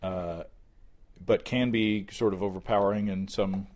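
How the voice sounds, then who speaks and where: A man co-hosting a casual tasting chat, animated and quick to laugh. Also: fairly low pitch. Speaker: podcast co-host.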